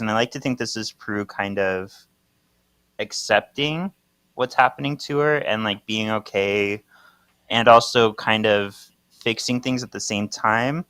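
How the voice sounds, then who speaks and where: A man's voice: lowish voice, sharp tone, clean tone, no echo. A man co-hosting a podcast, casually recapping a comic and laughing often while reading it out. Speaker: podcast co-host.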